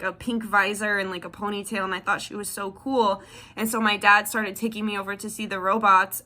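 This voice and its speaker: A woman's voice: medium pitch, sharp tone. A woman in her thirties telling a personal story to the camera in a candid, rambling way with many fillers. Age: 30s. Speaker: tarot vlogger.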